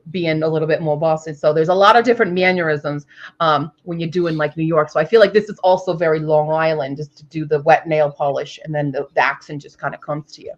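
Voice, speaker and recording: A woman's voice: deep voice, fairly even intonation, a little fast, highs cut off. A woman from Minnesota co-hosting a casual writing stream, chatty and rambling, often slipping into playful accents. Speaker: co-host.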